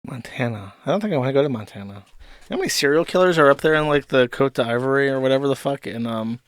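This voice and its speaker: A man's voice: mid-range voice, lively intonation, fast, no echo. A man hosting a live stream, chatting in a profane, rambling, jokey way. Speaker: stream host. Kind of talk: casual live-stream commentary.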